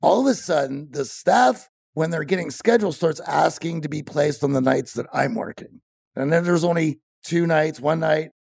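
A man from Pennsylvania, a podcast co-host, telling his story in an interview with lively animation and frequent laughs. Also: fairly high pitch, moderate pace, creaky. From Pennsylvania, USA.

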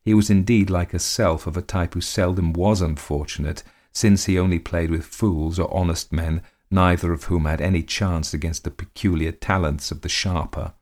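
A man reads a period story aloud with measured, dramatic delivery. His voice is very deep, sitting in the lowest register. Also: steady tone, a little mellow. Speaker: narrator. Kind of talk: scripted story narration.

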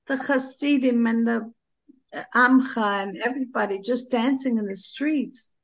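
A woman's voice: on the high side, measured pace, low-quality recording. A woman in a casual discussion who speaks earnestly and admiringly.

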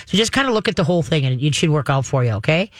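A man's voice: fairly high pitch, lively intonation, racing, fairly bright tone, no echo. A man hosting a call-in pet advice show, folksy and reassuring, rambling with frequent restarts. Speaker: pet advice radio host.

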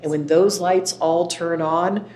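A woman with a low voice speaks calmly and earnestly as an interview guest. The sound is roomy with echo. A faint rumble sits beneath her words. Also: measured pace. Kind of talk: reflective conversation. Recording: echoey room with faint rumble.

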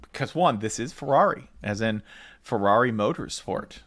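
A man's voice: fairly low pitch, expressive, normal speed. A man co-hosting a podcast in casual chat, joking and rambling with frequent restarts. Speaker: podcast co-host.

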